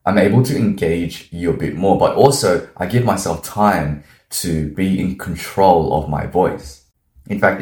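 A man with a low, deep voice teaches how to speak with influence. He talks in a deliberate, measured way and acts out each technique as he explains it. The room around him is noticeably echoey. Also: darkish tone. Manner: deliberate, demonstrates changes in his voice. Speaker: voice coach. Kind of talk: instructional talk.

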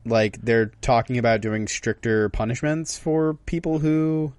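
A man co-hosting a casual podcast, relaxed and hesitant, filling his talk with "like" and "uh". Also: medium pitch, unhurried, clean tone, no echo. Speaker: podcast co-host. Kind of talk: casual chat.

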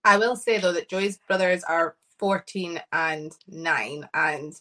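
Low-voiced woman chatting casually. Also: takes it slowly. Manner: relaxed, lots of fillers like "like". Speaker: podcast co-host. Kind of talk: casual chat.

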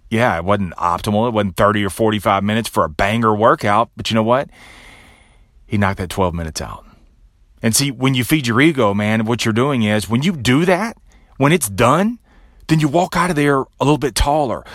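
A man hosting a podcast, giving a motivational monologue with a pep-talk delivery that drops low and quiet on each repeated refrain. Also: no room sound, studio quality. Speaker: podcast host.

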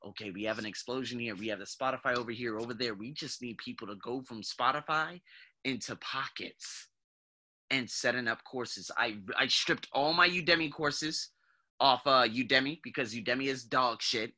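A man in his thirties hosting a podcast, talking in a casual, blunt, profane monologue that swings between low muttering and loud outbursts. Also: normal speed. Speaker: podcast host.

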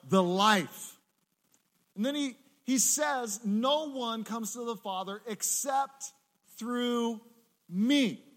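A man preaching a sermon in a church, animated and acting out the voices he quotes. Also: very high-pitched, slow pace. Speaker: pastor.

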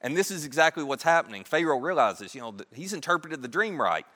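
A man's voice: on the high side, lively intonation, fast talker, sharp tone. A man preaching a sermon, telling the story in a conversational, humorous way. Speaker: pastor. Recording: echoey hall.

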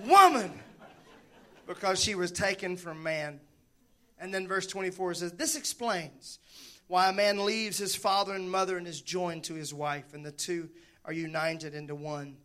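Pastor, male, high bright voice, animated and joking in the pulpit. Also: moderate pace. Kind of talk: sermon.

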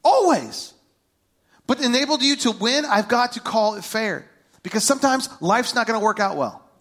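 A middle-aged man, a pastor, preaching a sermon and telling a family story, swinging between hushed and loud. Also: extremely high pitch, expressive, brisk.

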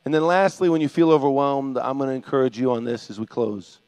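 An older man preaching a sermon as pastor. He talks in an animated way and acts out biblical voices, swinging from soft to loud. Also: mid-range voice, fast talker, smooth, no echo.

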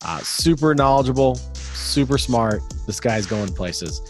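A man's voice: medium pitch, animated, a little slow, faint music behind. A man hosting a casual sports podcast, rambling and upbeat, hyping up his guest. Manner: rambling, upbeat hype-style introductions. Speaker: podcast host.

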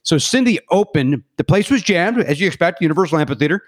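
A man's voice: a little high, fast talker, dry recording. A middle-aged man telling rambling stories on a remote podcast, stumbling and correcting himself, acting out quotes with gusto. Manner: rambling, self-correcting, animated quoting. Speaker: podcast guest. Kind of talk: casual storytelling chat. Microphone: remote podcast mic.

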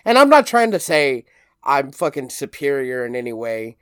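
A man's voice: medium pitch, normal speed, clean tone, no room sound. Swearing young man, dry sound. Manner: animated, swears often, acts out quotes. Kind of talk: casual chat.

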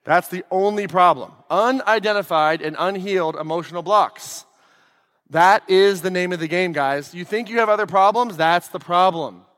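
A man giving a lively seminar talk as a life coach, putting questions to the audience. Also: sits high, moderate pace. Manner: energetic, asks the crowd questions. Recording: echoey hall.

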